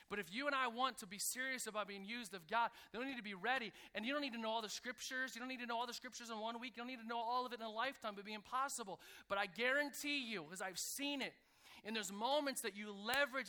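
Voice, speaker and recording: A man preaching a sermon to a church congregation, calling out for responses and building to loud, energetic peaks. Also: very high-pitched, fairly quick. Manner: energetic preaching that swells to near shouting. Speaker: pastor. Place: church sanctuary.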